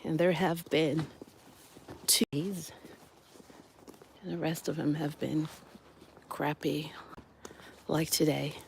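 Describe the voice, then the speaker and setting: Middle-aged person vlogging on a walk, chatty and thoughtful, mid-pitched, traffic hum in the background. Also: flat delivery, slow, creaky, long pauses. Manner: chatty, reflective, with restarts. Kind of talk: casual walking vlog. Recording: noisy outdoor recording with passing vehicles.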